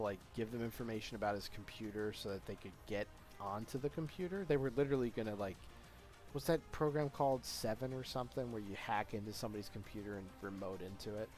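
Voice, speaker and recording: A young man chatting casually on a live stream, rambling through his stories with plenty of fillers and laughter. His voice sits at an ordinary middle pitch. Faint music plays underneath. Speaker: streamer talking with chat. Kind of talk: casual chat.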